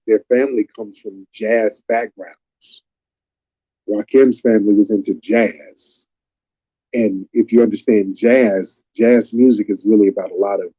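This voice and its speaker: A man's voice: fairly low pitch, warm tone, husky, highs cut off. A man hosting a live stream, lecturing in an emphatic, repetitive way.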